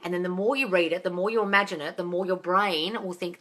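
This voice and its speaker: A woman's voice: fairly low pitch, quick pace, hardly any pauses, fairly bright tone. A woman answering viewer questions on a live stream as a manifesting coach, blunt and sweary, calling viewers darling. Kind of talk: livestream Q&A.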